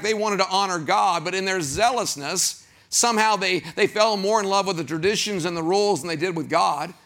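Male pastor, sermon, high voice, animated, asks the congregation questions. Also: creaky.

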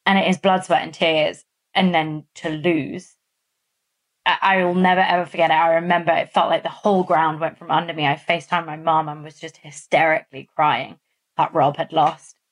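A woman co-hosting a podcast from Massachusetts, telling stories in a casual, animated way with many fillers. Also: low voice, normal speed. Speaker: podcast co-host. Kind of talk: casual chat.

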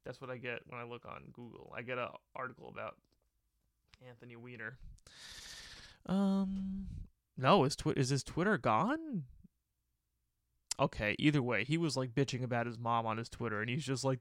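A man's voice: medium pitch, expressive, moderate pace, long pauses. A young man talks through a casual solo podcast from his bedroom, rambling and crude, and he keeps cracking himself up. His voice sits in a middle register. The sound is dry and close, with no room echo. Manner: rambling, crude and jokey, with bursts of laughter. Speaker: podcast host.

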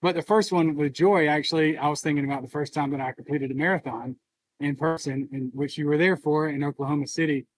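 A man co-hosting a podcast who talks in a reflective, halting way and is emotional and near tears. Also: fairly high pitch, fairly even intonation, no echo, low-quality recording. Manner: reflective, halting, open about feelings. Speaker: podcast co-host. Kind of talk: casual podcast conversation.

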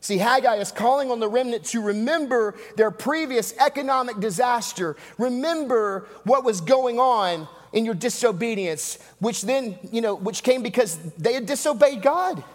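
A man delivers a sermon in a high voice, driving his points home through repetition and rhetorical asides. His words ring out with the long reverb of a large hall. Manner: emphatic, repetitive preaching with dramatic pauses and asides. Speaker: pastor.

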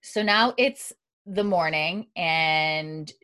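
A woman's voice: sits low, drawn-out words, bright, forceful tone. A woman podcast host giving a chatty, casual episode recap, full of fillers and acted-out lines.

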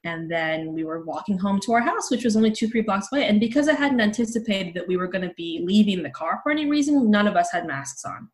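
A woman's voice: mid-range voice, animated, quick pace, few pauses. A woman in her thirties, a journalist guest on a podcast, recounting a personal story candidly with frequent casual fillers over a remote call. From Los Angeles.

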